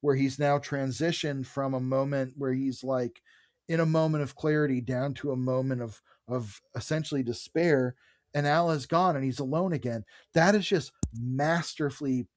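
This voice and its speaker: A man's voice: mid-range voice, moderate pace, a little mellow, dry recording. A man co-hosting a podcast, chatting casually and enthusiastically about comic books, reading bits of dialogue aloud. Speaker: podcast co-host. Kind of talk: casual comic book discussion.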